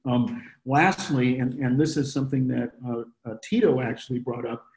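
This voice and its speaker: Mellow-voiced man leading Bible study. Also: medium pitch, moderate pace. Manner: earnest, stops and restarts often while explaining. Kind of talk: conversational Bible teaching. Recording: roomy echo.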